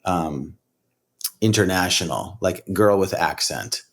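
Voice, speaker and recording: Rambling New rapper, low voice. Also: male voice, slow. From United States. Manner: rambling, animated, many "like" and "you know" fillers. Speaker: rapper and comedian, podcast guest. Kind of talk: casual storytelling interview.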